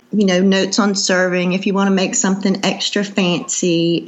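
A woman's voice: fairly low pitch, muffled recording. A woman, chatting as a cookbook author guest in an interview, laughing easily and trailing off with fillers. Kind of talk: casual interview chat.

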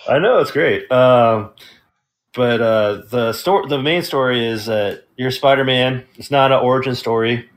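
A man's voice: mid-range voice, a little slow. A man co-hosting a casual game review podcast, recapping the story hesitantly with many ums and uhs. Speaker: podcast co-host.

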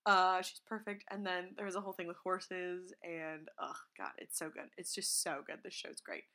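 Woman, podcast co-host, casual chat, bright clear tone, animated storytelling. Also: lowish voice, moderate pace. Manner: chatty, animated, acts out quotes in silly voices.

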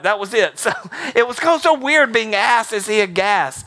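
Pastor guy, bright voice, kinda high, jokey storytelling sermon. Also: normal speed. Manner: storytelling with humor, lively acted-out quotes. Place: church auditorium.

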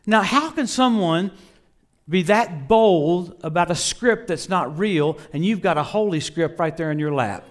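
A middle-aged male preacher delivering a story-filled sermon. His voice sits a little high for a man and swings from booming exclamations down to quiet murmured asides. He laughs between lines and keeps the energy animated. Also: measured pace.

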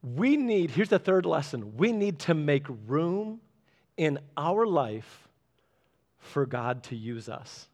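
A man in his thirties preaching a sermon, animated and acting out little voices as he speaks. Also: slow. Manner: animated, acts out voices with big pitch jumps. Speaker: pastor.

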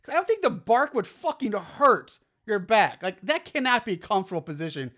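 A man's voice: sits high, very animated, fairly quick, fairly bright tone. A man co-hosting a podcast, rambling through crude, laughing asides about a horror movie. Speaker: podcast co-host. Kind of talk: casual profane movie discussion.

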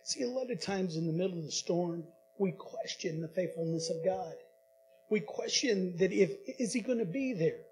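A male pastor preaching a sermon, with dramatic pauses, repetitions and rising emphasis in a church. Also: high voice, expressive, darkish tone, faint music behind, poor audio.

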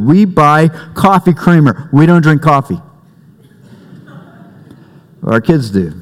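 A man delivers a sermon in an unhurried, conversational way. He leans on jokes and family anecdotes. His voice carries a long reverb in a church sanctuary. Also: mid-range voice. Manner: conversational preaching with humor and family stories. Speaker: pastor.

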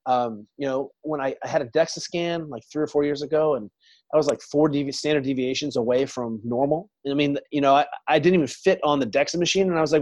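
A man's voice: a little high, quick pace, darkish tone, dry recording. Rambling man in his forties, dry sound. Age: 40s. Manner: rambling storyteller, trails off and restarts. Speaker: podcast guest. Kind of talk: casual interview chat.

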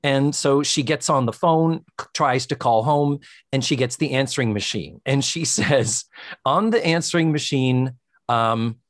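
A man's voice: mid-range voice, dry recording, studio quality. A man co-hosting a podcast, chatting casually as he recaps a sitcom episode and acts out the characters' lines. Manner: animated, acts out characters' lines in quick voices. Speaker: podcast co-host.

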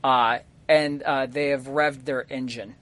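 A man running a tabletop role-playing game as game master, narrating the scene haltingly with frequent ums and uhs. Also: mid-range voice, fairly even intonation, a bit bright.

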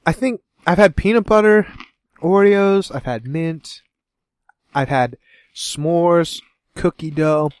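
A man's voice: fairly high pitch, slow, clean tone, no echo, studio quality. A man co-hosting a podcast taste test in casual chat, joking, laughing often and rambling through asides. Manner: jokey and giggly, rambling asides. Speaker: podcast co-host.

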